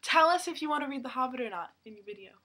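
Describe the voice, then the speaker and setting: A woman's voice: high-pitched, racing, a crowd in the background. A young woman telling a work story in casual chat, acting out the people she quotes. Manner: animated, acts out customers in quoted voices.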